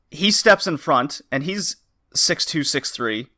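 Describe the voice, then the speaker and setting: Bright-voiced man telling a story. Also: on the high side. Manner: animated, laughs often while telling stories; swears casually. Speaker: podcast co-host. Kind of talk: casual storytelling chat.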